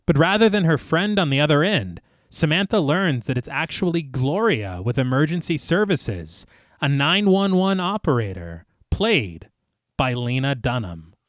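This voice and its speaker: Lively man recapping a horror film. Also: on the high side, moderate pace, no echo, studio quality. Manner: narrates plot at length, lively. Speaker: podcast co-host.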